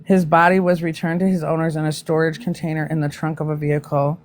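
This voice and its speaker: A woman's voice: sits low, little pitch movement, fast talker, slight background noise. A woman hosting a casual live stream, reacting to news with blunt, profane asides to her viewers.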